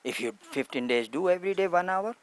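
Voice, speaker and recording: A man's voice: high-pitched, animated, fairly quick, no room sound. A man, a spiritual teacher speaking in simple broken English with short repeated phrases at a satsang. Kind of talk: satsang talk to a gathering.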